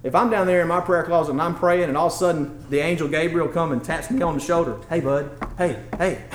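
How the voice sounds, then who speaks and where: A man preaching in a relaxed, folksy way, then rising into emphatic, fervent passages. His voice sits high for a man, and the sound carries the echo of a church room. A faint background hum sits under the whole recording. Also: fast talker. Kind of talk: sermon.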